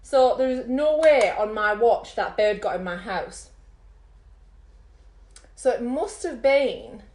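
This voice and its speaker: A woman vlogging and telling a rambling story in an animated way, full of fillers. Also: fairly high pitch, takes it slowly. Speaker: makeup vlogger. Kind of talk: chatty storytelling. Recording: roomy echo.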